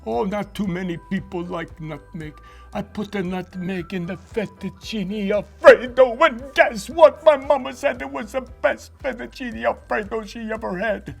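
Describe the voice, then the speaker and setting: A man voicing a cheerful young male puppet who tells a cooking story in a chatty, excitable way for a children's puppet show. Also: high voice, moderate pace, vocal fry, slightly rough, soft background music, full character voice. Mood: proud storytelling.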